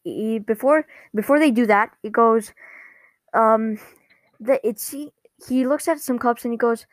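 A woman casually recapping a cartoon episode, rambling and halting, often correcting herself mid-sentence. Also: a little high, no room sound.

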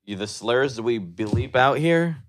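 A man's voice: medium pitch, expressive, unhurried, no echo. A man co-hosting a comedy podcast, joking and riffing crudely in casual banter. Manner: joking, laughing, crude riffs. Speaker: podcast co-host.

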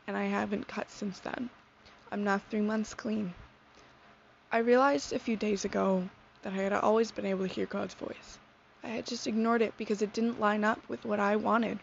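A young woman in her teens sharing a personal faith testimony in a sincere, soft-spoken, reflective way. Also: mid-range voice, gravelly. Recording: dull lo-fi sound with faint noise.

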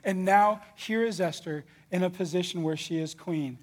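A man retelling a Bible story in a casual, animated and slangy way, as a teacher. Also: high-pitched, normal speed.

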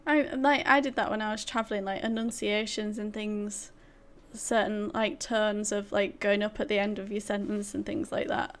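A woman from England in casual chat, teasing and quick to react. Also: medium pitch, little pitch movement.

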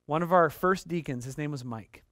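A man's voice: on the high side, normal speed, a bit bright, dry recording, clean studio sound. A man in his late thirties preaching a sermon in a conversational way, checking in with the listeners and often repeating his words. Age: late 30s. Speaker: pastor.

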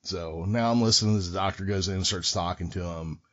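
A man's voice: sits low, a little fast. A middle-aged man telling a story in casual chat, swearing freely and acting out the voices of others. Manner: profane, animated, acts out voices. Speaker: podcast guest storyteller. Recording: dull lo-fi recording.

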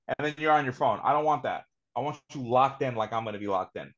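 A man's voice: mid-range voice, quick pace, hardly any pauses, a bit bright. A man co-hosting a podcast in casual sports banter, emphatic and repeating himself to press a point. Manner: emphatic, repeats names and phrases insistently. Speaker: podcast co-host. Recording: slightly dull lo-fi podcast audio.

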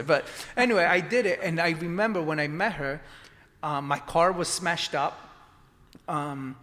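A man's voice: fairly high pitch, unhurried, fairly bright tone, in a large hall. A man telling his story in a casual conversation, rambling with lots of restarts and fillers. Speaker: acupuncturist guest.

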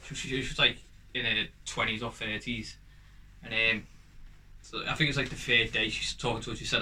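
Bright-voiced Scouse man telling stories. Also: lowish voice, little pitch movement, a little fast, a little hiss or hum, low-quality recording. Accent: Liverpool. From Liverpool, England. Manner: chatty storyteller, swears freely, laughs through his own stories. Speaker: podcast co-host. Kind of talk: casual chat, storytelling.

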